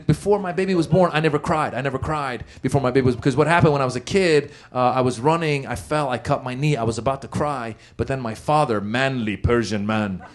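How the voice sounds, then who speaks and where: A man from the Middle East doing a stand-up comedy set on stage, animated and quick to slip into exaggerated voices. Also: medium pitch, a little hiss or hum. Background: audience laughter.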